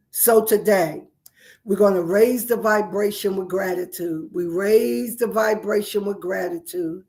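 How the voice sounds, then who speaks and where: A woman minister hosting a spiritual show, leading listeners through repeated affirmations and coaxing them to respond. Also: medium pitch. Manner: repetitive chanted affirmations; coaxing call-and-response to viewers.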